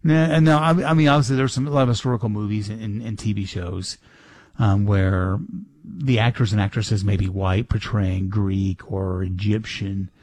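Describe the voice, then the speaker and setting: A man's voice: on the low side, fairly even intonation, normal speed, darkish tone, no room sound. A middle-aged man hosting a talk radio show, rambling casually with many restarts and fillers.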